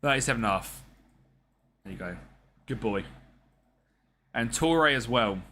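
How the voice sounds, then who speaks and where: A man's voice: medium pitch, lively intonation, unhurried, sharp tone, slight background noise. A man giving casual, slangy gameplay commentary and talking back to the characters on screen. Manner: chatty, slangy, talks to the game characters. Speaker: gaming streamer.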